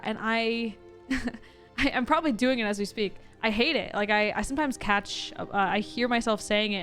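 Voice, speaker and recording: A woman with a Californian Valley Girl accent, chatting casually with her viewers while playing a game. She says "like" a lot, with upward inflection and a touch of vocal fry. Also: mid-range voice, a bit bright. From California, USA. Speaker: gaming streamer. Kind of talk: casual let's-play chat with viewers.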